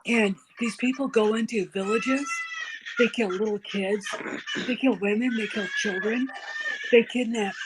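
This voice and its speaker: A woman's voice: fairly high pitch, fairly even intonation, moderate pace. Woman guest: emphatic, outspoken, faint hiss behind. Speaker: podcast guest. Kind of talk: casual political chat.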